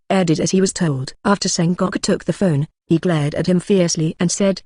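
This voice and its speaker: A mid-pitched synthetic-sounding narrator reads a fan-fiction audiobook in a steady, even delivery. It reads punctuation marks aloud as words. The sound is dry, with no room around it. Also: a little fast, hardly any pauses, no room sound.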